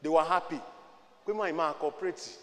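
A man with a Nigerian accent preaching a sermon, swinging from quiet talk to shouting and slipping into Yoruba. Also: fairly high pitch, fast talker, long reverb tail. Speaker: pastor.

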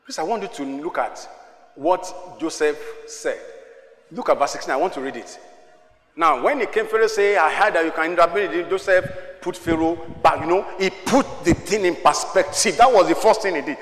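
An older man preaching a sermon to his church, dropping to hushed asides and then rising to shouted exhortations. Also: a little high, normal speed. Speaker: pastor. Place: large church hall. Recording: echoey reverberant church hall.

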